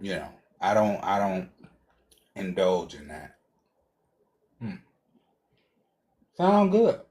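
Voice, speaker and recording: A man speaks in slow, measured remarks with a low voice, taking his time over each phrase. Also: huge pitch swings, a little mellow.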